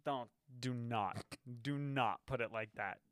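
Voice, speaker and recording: A young man co-hosting a podcast, casual and teasing, animated and quick to laugh, on a close microphone. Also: mid-range voice, no room sound. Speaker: podcast co-host. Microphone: close podcast mic.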